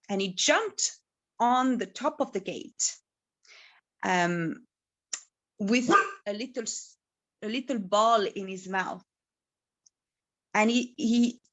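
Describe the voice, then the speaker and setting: A woman's voice: a little high, fairly bright tone. A woman casually telling a story, rambling with many fillers and giggles.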